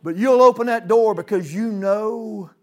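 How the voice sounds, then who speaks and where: A man preaching a sermon in a church, folksy, with dramatic swings from loud to hushed. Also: sits high, measured pace.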